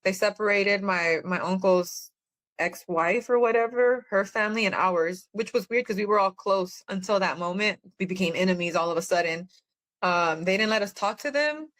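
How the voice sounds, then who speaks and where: A woman's voice: mid-range voice, normal speed, fairly bright tone. A woman, a guest on a podcast, telling her own story in a rambling, earnest way with many fillers. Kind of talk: personal testimony in conversation.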